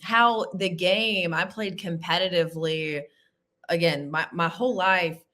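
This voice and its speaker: A woman's voice: fairly low pitch, steady tone, unhurried, sharp tone. A woman, hosting an interview show in a playful, chatty, self-teasing way. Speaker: show host. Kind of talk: casual interview chat.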